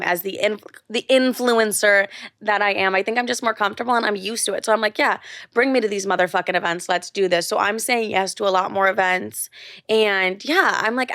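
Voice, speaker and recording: A woman's voice: medium pitch, a bit bright, no echo, studio quality. A young woman hosting her own podcast, chatting casually and candidly, gushing, swearing freely and saying "like" a lot. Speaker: podcast host. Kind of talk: casual solo podcast chat.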